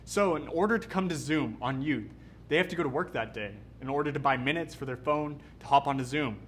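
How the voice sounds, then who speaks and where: A young man from Canada, a youth pastor giving an energetic, conversational sermon. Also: a little high, brisk, slight background noise. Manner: energetic, casual, conversational preaching.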